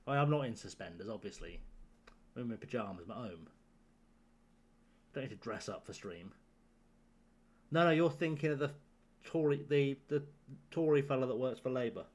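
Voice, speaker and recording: A man streaming from home late at night, worn out but still joking with his chat. He rambles, laughs often and keeps the banter loose. His voice sits at an ordinary middle pitch. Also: normal speed, pauses often, a little mellow. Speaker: live-streaming gamer. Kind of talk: casual live-stream chat.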